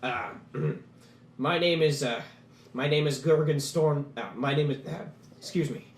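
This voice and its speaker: A man's voice: fairly high pitch, measured pace. A man voicing a nervous male dwarf who stammers and stumbles over his words as he pleads politely, in an echoey room. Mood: nervous pleading.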